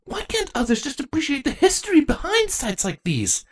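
A woman's voice: high-pitched, voice pushed up. Chrysalis, a woman voicing an eager young changeling. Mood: enthusiastic. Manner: excitable, earnest, quick to gush about history and books. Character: young female changeling princess, bookish and eager.

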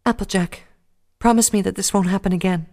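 A timid, gentle pegasus mare pleads in a soft, fretful voice pitched far up, put on by a man reading aloud. Her voice is lifted high and strained with worry. It is a storybook reading with a plain close mic. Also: steady tone, brisk. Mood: worried pleading.

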